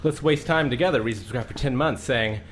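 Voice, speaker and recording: A man's voice: medium pitch, a little fast, a little hiss or hum. A young man, out of breath after a workout, reading out donations in casual chat as a podcast co-host.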